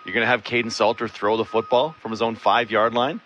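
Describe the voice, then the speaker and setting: Man, sports host, bright tone, opinionated, quick talker. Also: lowish voice, flat delivery, lo-fi sound, slight background noise. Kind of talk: casual sports talk.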